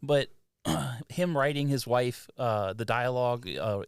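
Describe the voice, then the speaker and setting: Guy guesting on a movie podcast, mid pitch, jokey, laughs a lot, dry sound. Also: takes it slowly, clean tone, dry recording. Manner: joking, laughs between remarks. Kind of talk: casual movie-review chat.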